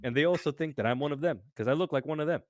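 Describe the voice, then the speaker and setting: A young American man, co-host of a podcast, telling a story in a casual, animated way, acting out voices and swearing freely. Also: fairly high pitch, racing, dry recording. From United States.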